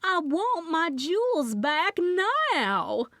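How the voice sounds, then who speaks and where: A woman's voice: very high-pitched, very animated, a bit bright, dry recording, studio quality, pitched above the performer's own voice, full character voice. A woman voicing a stern, wealthy Southern woman who screeches and draws out her words, with a Southern accent, in an audiobook. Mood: screeching. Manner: screeching, drawn-out, indignant.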